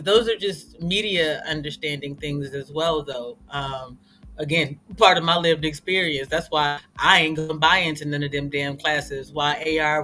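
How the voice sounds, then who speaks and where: Emphatic man, high and bright, casual talk over faint music. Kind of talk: casual chat.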